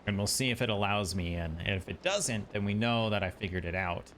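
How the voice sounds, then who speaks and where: A man's voice: lowish voice, fairly quick, a bit bright, slight background noise. A man streaming a video game, chatting casually and thinking aloud as he plays. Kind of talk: casual gameplay commentary.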